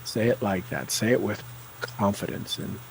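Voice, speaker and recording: A man leading a guided tapping session, calling out tapping points and repeating affirmations with slow, deliberate coaching cues. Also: lowish voice, creaky, a little hiss or hum, rough recording.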